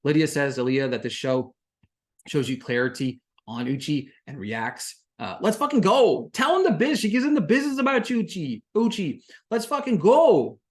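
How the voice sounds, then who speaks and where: A podcast host giving a casual solo recap of a reality show, animated and indignant, filling talk with "like" and climbing sharply in pitch and volume when worked up. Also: normal speed. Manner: animated and indignant, with frequent "like" fillers.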